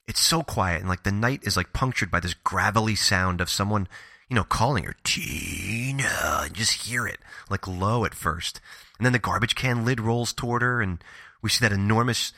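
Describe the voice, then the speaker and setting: Bright, gushing man on a podcast. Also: fairly low pitch, brisk, no echo, clean studio sound. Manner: gushing, animated storytelling. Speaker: podcast co-host. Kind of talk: casual horror movie chat.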